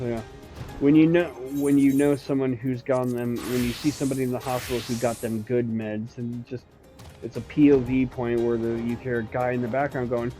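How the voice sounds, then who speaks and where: A man streaming a game, chatting casually in a rambling, laughing, animated way. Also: mid-range voice. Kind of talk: casual gameplay commentary.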